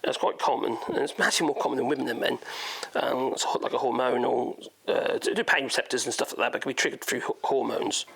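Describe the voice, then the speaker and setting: This man speaks quickly with few pauses, his mid-range voice slightly bright and touched by vocal fry. He has a Norfolk accent and rambles chattily through a workshop woodworking demo, thinking aloud.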